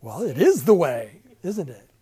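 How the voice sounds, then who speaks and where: A man's voice: on the high side, big pitch swings, measured pace, warm tone, rough recording. An older man teaching a casual Bible class in a church classroom, chatty and self-deprecating, with many asides.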